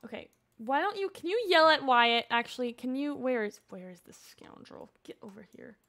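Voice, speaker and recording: A young woman streaming a life-sim game, reacting excitably, yelling at characters and muttering asides to herself. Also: high voice, moderate pace. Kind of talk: live gameplay commentary.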